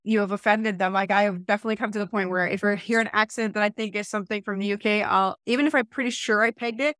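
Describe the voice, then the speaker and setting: A woman's voice: mid-range voice, fairly even intonation, fast, fairly bright tone, no room sound, studio quality. A young woman from Eastern Ontario co-hosting a podcast, talking in a rambling, self-correcting, conversational way. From Eastern Ontario, Canada. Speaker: podcast co-host. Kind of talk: casual podcast discussion.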